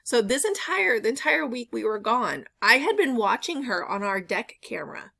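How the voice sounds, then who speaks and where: A woman's voice: a little high, very animated, normal speed, creaky, pushed and bright. A woman vlogger at home, telling a rambling story in casual chat, full of "like" and "um" fillers. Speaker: reseller vlogger.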